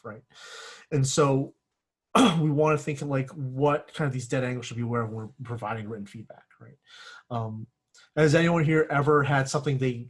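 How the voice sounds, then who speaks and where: A male instructor gives a relaxed classroom lecture with a slightly husky, breathy voice. He talks in a loose, filler-heavy way and keeps stopping to clear his throat. His pitch sits in an ordinary middle range. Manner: self-correcting, searches for words. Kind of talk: classroom lecture on giving feedback.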